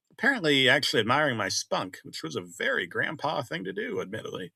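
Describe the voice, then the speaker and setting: A middle-aged man narrating a horror story in a conversational way, swinging between loud exclamations and hushed asides. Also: a little high, no room sound, clean studio sound.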